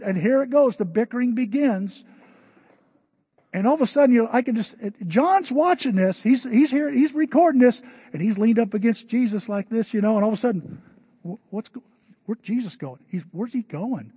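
A man preaching a sermon, telling a story in a lively way and acting out the voices of the people in it. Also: high voice, breathy edge, no echo, lo-fi sound. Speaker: pastor.

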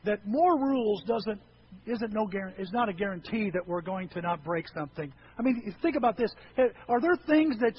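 A man preaching a sermon to his church, swinging between hushed asides and loud, animated outbursts. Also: high-pitched, moderate pace, lo-fi sound, a little hiss or hum. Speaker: pastor.

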